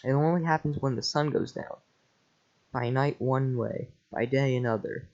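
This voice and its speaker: A man's voice: medium pitch, normal speed, darkish tone, close to an everyday voice. A man voicing an earnest young princess under a curse, a little flustered, in a casual script reading. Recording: lo-fi home mic.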